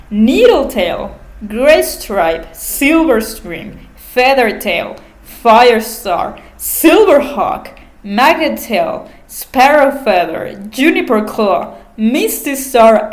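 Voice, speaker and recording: A chatty woman recapping a story in an unhurried, drawn-out way, laughing often and swearing freely. Her mid-range voice bounces around an echoey room. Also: mid-range voice. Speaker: vlogger. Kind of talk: casual book recap.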